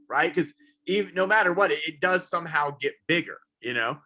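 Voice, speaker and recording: A man's voice: on the high side, sharp tone. A man from the American South doing a stand-up comedy set, working the crowd and swearing freely. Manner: crowd work with drawn-out impressions, profane. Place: comedy venue with a live audience.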